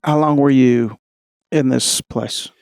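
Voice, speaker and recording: A man's voice: medium pitch, steady tone, slow, vocal fry, darkish tone, clean tone, no room sound, clean studio sound. A man hosting a podcast, asking brief questions and giving short replies. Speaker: podcast host. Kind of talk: interview questions.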